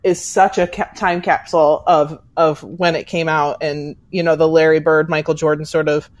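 A woman's voice: deep voice, flat delivery, normal speed. A woman from the United States co-hosting a podcast, chatting casually, trailing off and laughing as she tells stories. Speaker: podcast co-host. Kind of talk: casual chat.

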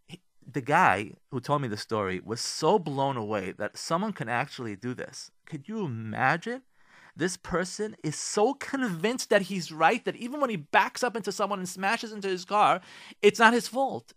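Lively, animated rabbi giving a talk. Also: male voice, on the high side, no echo, clean studio sound. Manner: animated storyteller, speaking straight to listeners. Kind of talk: radio talk on moral advice.

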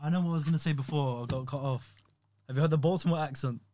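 Fast-talking British man host. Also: on the high side, warm tone, dry recording. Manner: quick back-channel, lots of "yeah, yeah". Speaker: podcast host. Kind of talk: casual podcast chat.

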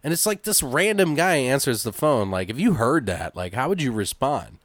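A man's voice: mid-range voice, sing-song, moderate pace, no room sound, studio quality. A man hosting a podcast, retelling a film in a rambling way, full of fillers and swearing. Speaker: podcast host. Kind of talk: casual chat.

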